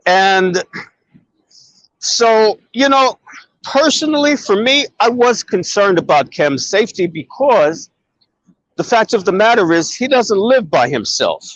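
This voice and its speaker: A man hosting a casual chat, telling a long story in an animated, profane way. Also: sits high, a little slow, dry recording, muffled recording. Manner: animated, profane, acts out quoted dialogue. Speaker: host.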